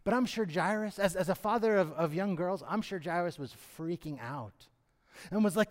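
A man's voice: sits high, lively intonation, normal speed. A man preaching a sermon who acts out the pleading voices of the characters in his story. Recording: long hall reverb.

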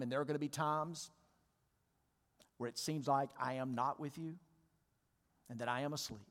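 A male pastor gives a sermon in a church sanctuary, speaking at a normal speed in a mid-range voice with fairly even intonation and frequent pauses. He talks conversationally and asks his congregation questions, with a long church reverb on the recording.

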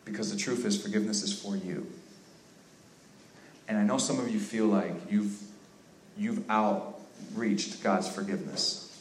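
A man's voice: lowish voice, fairly even intonation, unhurried, pauses often. Brief: male youth pastor, storytelling sermon that swells into fervent emphasis, echoey room with faint noise.

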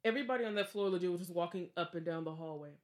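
A woman's voice: on the low side, rapid-fire. A young woman hosting a podcast, casually telling a ghost story and acting out the other people's lines. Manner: animated, acts out quotes with laughs. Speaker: podcast host.

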